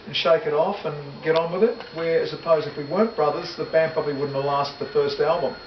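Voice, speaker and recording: Brief: middle-aged muso, raised voice, rambling, far off in an echoey room with heavy noise. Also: male voice, a little high, fairly even intonation, fairly quick. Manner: rambling, self-correcting, laughs easily. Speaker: musician and interview guest. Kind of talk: casual reminiscing interview. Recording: echoey, distant, dull, loud noise.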